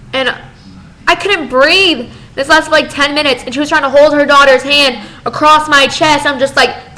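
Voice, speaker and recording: A fifteen-year-old girl telling a story in a casual vlog, chatty and animated, full of "like". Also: high-pitched, poor audio. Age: teens. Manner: chatty, lots of "like", animated retelling. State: tired. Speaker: vlogger.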